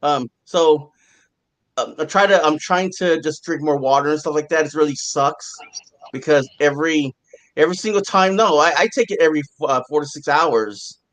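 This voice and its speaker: A man's voice: on the high side, normal speed, a bit bright. A man co-hosting a casual live stream chat, rambling with many restarts while he gets over a cough and a sore throat. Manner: rambling, restarts a lot, fillers.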